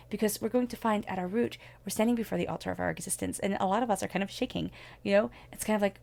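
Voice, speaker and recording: A woman's voice: mid-range voice, fairly even intonation, very fast, gravelly, a little mellow. A woman giving a spoken tarot reading, talking in an earnest, reflective way as she offers spiritual guidance. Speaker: tarot reader.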